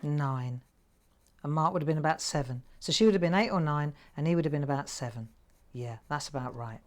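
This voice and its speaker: A deep-voiced, brisk middle-aged woman runs a live crafting show from home, chatting with viewers as she paints. She rambles through a story and laughs often.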